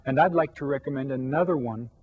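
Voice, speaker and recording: Slightly husky man teaching Spanish words. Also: medium pitch, narrow, tinny audio. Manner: slow, drawn-out modeling of Spanish words; patient, explanatory teacher talk. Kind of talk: televised classroom lesson for children.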